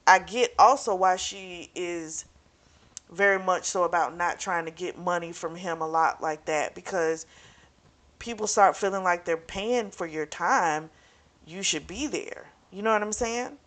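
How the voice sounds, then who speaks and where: A woman's voice: fairly low pitch, a little slow, a bit bright. A young woman casually recapping and reviewing a romance novel, chatty and frank, swearing freely and talking straight to her viewers. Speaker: book club vlogger.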